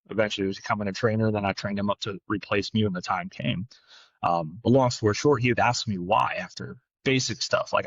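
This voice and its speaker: Fast and blunt, a man who trains dogs shares a work story while co-hosting a podcast, peppering it with "right?" and the odd swear word. He has a lowish, fairly bright voice. The sound is dry and lo-fi.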